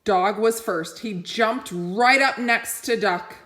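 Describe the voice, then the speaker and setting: A woman reading a children's picture book aloud, expressive and doing little voices for the animals. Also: lowish voice, slow, gravelly, few pauses. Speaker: reader.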